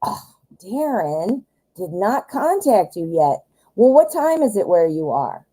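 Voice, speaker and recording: Hoarse-voiced American woman, chatty. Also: medium pitch, very animated, measured pace, dark tone, low-quality recording. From United States. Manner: chatty, talks directly to viewers. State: voice going hoarse. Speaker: tarot reader host. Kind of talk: live-stream tarot reading.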